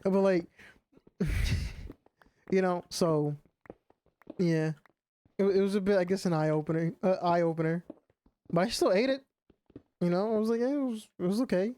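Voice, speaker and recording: A man's voice: sits high, unhurried, long pauses, dark tone, clean tone, no room sound. A young man streaming a game, chatting casually and rambling with plenty of fillers. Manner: rambling, full of "like" and "you know" fillers. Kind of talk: casual chat while gaming.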